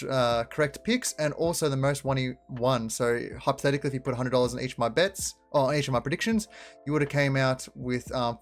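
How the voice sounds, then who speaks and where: A young man hosting his own betting picks show, talking casually and sarcastically with lots of fillers. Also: mid-range voice. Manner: sarcastic, rambling with many fillers. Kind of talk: casual sports prediction talk.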